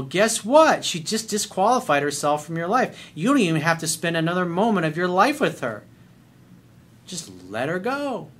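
A middle-aged man giving blunt, profane dating advice in an animated monologue. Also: a little high. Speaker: dating coach.

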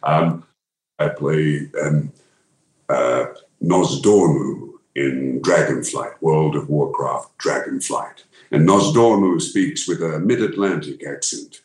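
A man's voice: rumbling low, takes it slowly, a little mellow, roomy sound. A man with a London accent, a voice actor chatting enthusiastically as an interview guest, often restarting his sentences. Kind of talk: casual interview chat.

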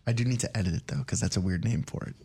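A young man hosting a college morning radio show, upbeat and laughing often, reading plugs briskly. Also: sits low, mellow. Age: young adult. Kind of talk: casual morning radio chat.

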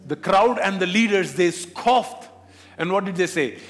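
A man's voice: high-pitched, lively intonation, unhurried. A man preaching a sermon as pastor, asking questions of the congregation. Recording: long hall reverb.

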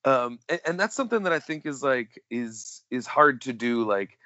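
A man co-hosting a casual film podcast, enthusiastic and quick to laugh, going over his notes. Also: medium pitch, animated, sharp tone, no echo, lo-fi sound. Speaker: podcast co-host.

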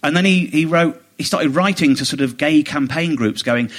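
A man, a comedian guest on a chat podcast, telling an animated, indignant story and mimicking other people as he goes. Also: a little high, normal speed. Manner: animated, indignant, quotes others in mock voices.

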